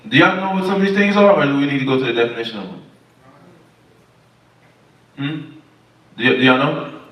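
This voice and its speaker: Relaxed male study leader, questions the class, roomy and off mic. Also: mid-range voice, fairly quick. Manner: casual, questioning the group, informal speech. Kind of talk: Sabbath Bible study teaching. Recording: echoey room, far from mic.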